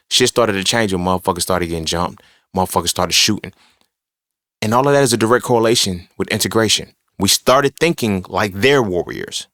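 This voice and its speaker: Low-pitched guy riffing solo on his podcast, swears a lot, keeps going "you feel me", dry sound. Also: fairly bright tone, dry recording. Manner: rambling, profane, emphatic; frequent 'you feel me' asides. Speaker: podcast host. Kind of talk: casual solo monologue.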